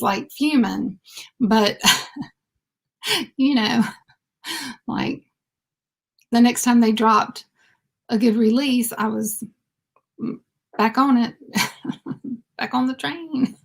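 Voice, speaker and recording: A woman's voice: fairly high pitch, gravelly. A woman, chatting casually on a livestream with lots of fillers and laughs. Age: 50s. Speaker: beauty vlogger.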